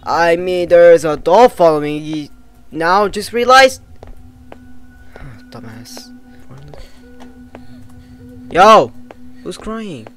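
A man giving casual, excitable let's-play commentary on a horror game, swearing, jumpy and talking back to the characters. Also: sits high, takes it slowly, clear, resonant tone, faint music behind. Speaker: gamer playing a horror game.

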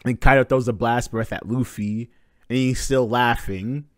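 A man hosting a live manga reading reaction, narrating panels with excited swearing and casual talk. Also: mid-range voice, normal speed, clean tone, no echo, clean studio sound.

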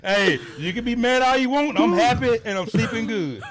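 A man's voice: very high voice, animated, normal speed, background noise. A man co-hosting a casual podcast, boisterous and cutting in with repeated "hey, wait.". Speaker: podcast co-host.

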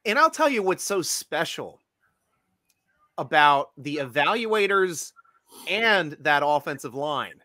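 A man's voice: on the high side, sing-song, slow, bright, forceful tone, dry recording. A man co-hosting an interview, asking follow-up questions with eager interjections. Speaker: co-host. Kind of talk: casual interview chat.

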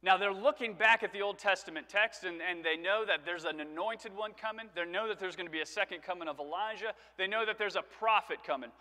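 A man's voice: high-pitched, fairly quick, few pauses, sharp tone. A male preacher giving a conversational sermon, telling stories and asking rhetorical questions. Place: church sanctuary. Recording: reverberant church sanctuary.

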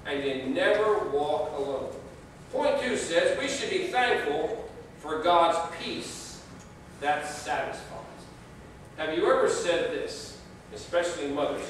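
A man's voice: a little high, a bit bright, a little hiss or hum. A man preaching a sermon as pastor, telling stories with folksy humor. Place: church sanctuary. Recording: distant mic in echoey church.

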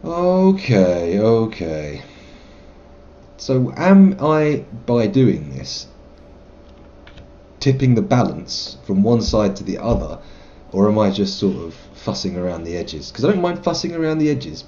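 A man's voice: medium pitch, big pitch swings, measured pace, mellow. Muffled man musing over a game. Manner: musing, rambling and self-mocking while reading dialogue options aloud. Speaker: game streamer. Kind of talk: live let's play commentary.

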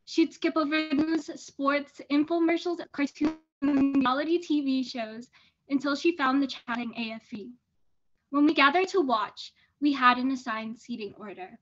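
A teenage girl reading an excerpt of her personal essay aloud at a student reading, earnest and steady with small restarts. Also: high-pitched, a little slow. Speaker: student reader. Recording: dull lo-fi sound.

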